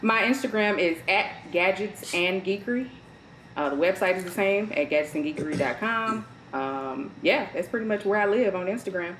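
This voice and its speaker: A woman's voice: mid-range voice, animated, normal speed, a bit bright. A woman appearing as a guest on a casual podcast, speaking in a friendly and plain manner. Her voice carries some room echo, with faint noise behind it. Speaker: podcast guest, content creator. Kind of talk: casual chat.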